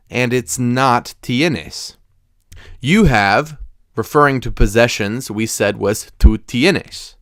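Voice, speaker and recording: A man leads a recorded language lesson, talking through each step slowly and deliberately. His voice is smooth and clear, and he sits right at the microphone in a dead, dry room with no echo. His pitch sits in the middle for a man. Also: fairly bright tone. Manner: slow, deliberate explanations with careful pronunciation. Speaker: Spanish teacher.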